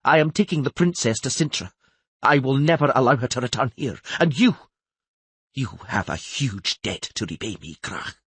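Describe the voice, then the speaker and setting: A man's voice: deep voice, animated, unhurried, few pauses, sharp tone, slightly rough, no echo, exaggerated voice. A man voicing an imperious older queen in an audiobook, cold and authoritative, raising his voice in anger. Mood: cold commanding.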